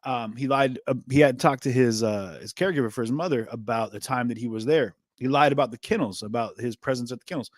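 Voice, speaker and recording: A man's voice: medium pitch, fast talker, few pauses, no room sound, clean studio sound. Rambling male livestream host. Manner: rambling, filler-heavy, reads chat aloud. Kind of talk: casual live commentary.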